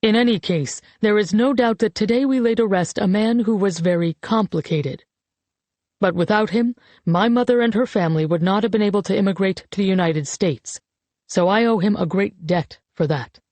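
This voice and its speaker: A woman's voice: medium pitch, darkish tone, dry recording, close to an everyday voice. A woman voicing a solemn grieving man at a eulogy. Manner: slow, measured, solemn speech. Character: grieving grown man, a father, giving a eulogy. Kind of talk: audiobook character reading.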